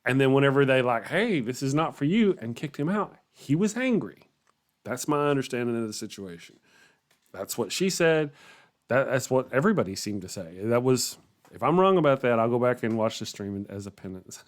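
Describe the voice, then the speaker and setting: A man hosts a morning livestream and talks loosely to his viewers. He rambles, chuckles often, and trails off in the middle of thoughts. His voice sits at an ordinary middle pitch for a man. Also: lively intonation, normal speed. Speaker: livestream host. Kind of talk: casual chat reacting to viewer comments.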